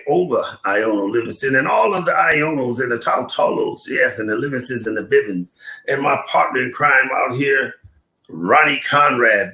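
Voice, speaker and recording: Gravelly older man hosting a live stream. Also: mid-range voice, echoey room. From Buffalo, New York. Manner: slangy, shout-outs to viewers, tells a comic tale. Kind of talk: casual live-stream storytelling.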